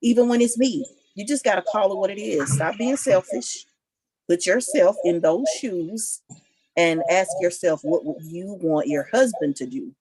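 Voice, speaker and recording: Passionate woman on a couples panel, lowish husky voice, dry sound. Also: lively intonation, normal speed, darkish tone, no room sound, poor audio. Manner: passionate, emphatic. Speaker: married guest on a couples panel. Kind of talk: casual panel discussion.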